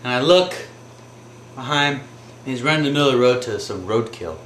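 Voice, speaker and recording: A man's voice: mid-range voice, animated, brisk, a bit bright, reverberant, a little hiss or hum. A man casually telling a true anecdote, rambling with filler words. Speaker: storyteller.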